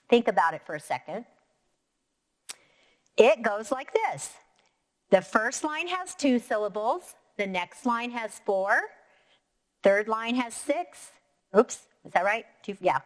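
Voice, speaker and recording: A woman teaching a recorded lesson to young students, talking clearly and patiently and counting syllables out slowly. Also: fairly high pitch, a bit bright. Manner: clear, encouraging, slow and deliberate when counting syllables. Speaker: elementary school teacher.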